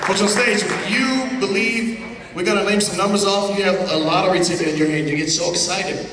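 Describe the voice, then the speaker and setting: Brash stage hypnotist in an echoey hall. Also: male voice, high voice, steady tone, fairly quick. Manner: brash, commanding, teasing. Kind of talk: live comedy stage show patter. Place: large hall with audience. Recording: echoey hall recorded from far off. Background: crowd noise.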